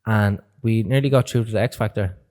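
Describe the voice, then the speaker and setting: A young man, an animated storyteller who swears freely and laughs a lot while chatting as a podcast guest. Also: fairly low pitch, brisk. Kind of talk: casual chat.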